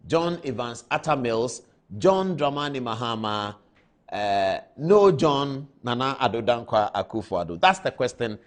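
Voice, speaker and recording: A TV show host with a Ghanaian accent, giving live commentary and lecturing with repeated rhetorical questions. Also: mid-range voice.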